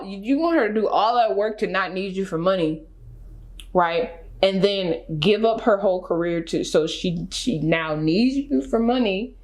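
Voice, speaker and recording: A woman vlogger giving casual reaction commentary, emphatic and animated, full of rhetorical questions. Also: medium pitch.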